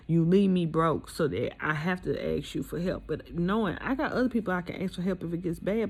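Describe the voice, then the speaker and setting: A woman's voice: fairly low pitch, darkish tone. A woman candidly telling her own divorce story in casual, aggrieved storytelling. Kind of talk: emotional personal storytelling.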